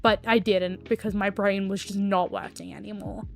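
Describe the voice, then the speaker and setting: A woman's voice: medium pitch, little pitch movement, moderate pace, vocal fry. A woman streamer telling a story casually while she draws, rambling with lots of fillers and swearing.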